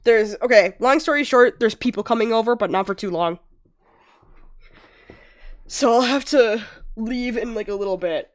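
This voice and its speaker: A sick-sounding woman streaming a game, reacting with loud laughing outbursts and swearing. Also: fairly high pitch, normal speed, long pauses. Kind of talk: casual game stream commentary.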